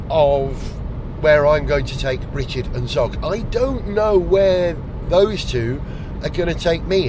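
Chatty Welsh man driving, London-tinged. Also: on the high side. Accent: Welsh accent mixed with London. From Wales. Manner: chatty, enthusiastic, wanders off topic. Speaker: podcast host. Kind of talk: casual talk while driving. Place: in a car. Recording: noisy in-car recording. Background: car and street noise.

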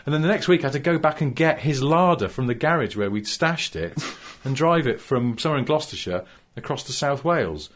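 Wry storytelling man, mid-pitched. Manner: wry, self-deprecating storyteller. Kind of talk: casual chat, anecdotes.

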